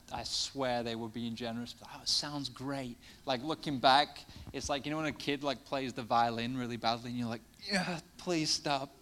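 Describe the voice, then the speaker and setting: A man's voice: mid-range voice, a bit bright, a little hiss or hum. A man preaching a sermon in a conversational way, full of fillers, building to passionate emphasis.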